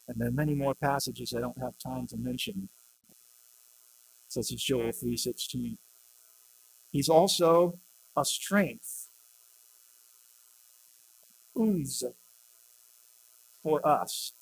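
A man's voice: on the high side, creaky, slight background noise, poor audio. A man preaching a sermon, plainly explaining scripture and reading it aloud with rising emphasis.

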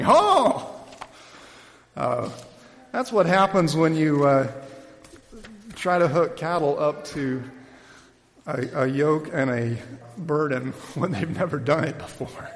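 A man preaching a sermon who reads a story aloud with lively, shouted calls, then talks plainly with fillers. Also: fairly high pitch. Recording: long reverb of a large hall.

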